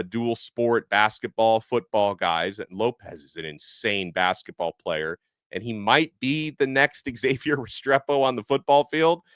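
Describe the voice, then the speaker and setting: A man's voice: mid-range voice, clean tone, no room sound. Chatty man hosting a sports podcast. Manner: chatty, animated, lots of fillers. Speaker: podcast host. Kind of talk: casual sports podcast talk. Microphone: headset earpiece.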